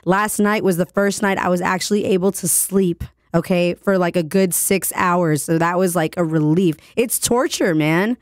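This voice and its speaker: A woman DJ hosting her podcast while sick, her voice hoarse and raspy, chatting playfully and joking about herself. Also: lowish voice, moderate pace, hardly any pauses, no room sound, studio quality. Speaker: radio DJ and podcast host. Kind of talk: casual solo podcast chat.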